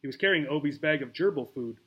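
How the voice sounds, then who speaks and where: A man's voice: a little high, expressive, quick pace, husky, dull audio. Man reading a children's book aloud. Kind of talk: storybook read-aloud.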